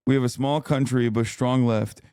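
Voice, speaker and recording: A man's voice: mid-range voice, steady tone, normal speed, warm tone, clear, resonant tone, dry recording, studio quality. A man streaming from home, chatting casually with his viewers in a brash, profane way and laughing often. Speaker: streamer reacting to a video. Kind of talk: casual live-stream chat.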